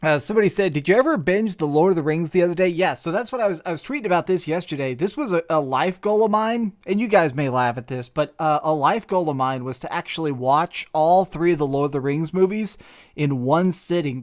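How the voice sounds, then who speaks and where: A man's voice: a little high, fairly quick. Self-mocking man reading stream super chats. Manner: joking, self-mocking, rambling. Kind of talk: casual live stream chat. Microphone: desk mic with face cam.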